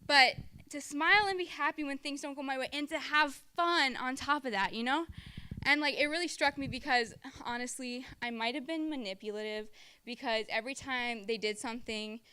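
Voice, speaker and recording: Bright, chatty young woman telling a story. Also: high-pitched, moderate pace, smooth. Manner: chatty storytelling, full of "like", acts out quotes. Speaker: former camp counselor sharing testimony. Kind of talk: personal testimony talk at church.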